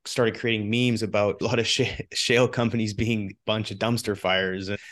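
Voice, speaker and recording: Low-voiced Canadian man telling stories. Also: moderate pace. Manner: animated storytelling with frequent restarts. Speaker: podcast guest. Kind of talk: casual conversation.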